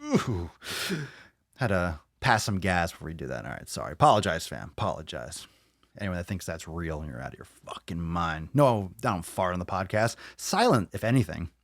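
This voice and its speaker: A man hosting a live podcast, swearing constantly and ranting loudly between viewer comments. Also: low-pitched, a little fast, gravelly, no room sound, clean studio sound. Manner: swears constantly, loud and animated; reads viewer comments aloud. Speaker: podcast host. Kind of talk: profane live-stream rant.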